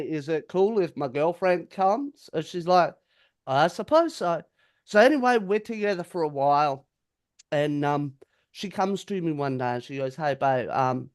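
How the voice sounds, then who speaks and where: A man, a podcast co-host telling a story in casual chat, acting out the quotes and swearing freely. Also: a little high.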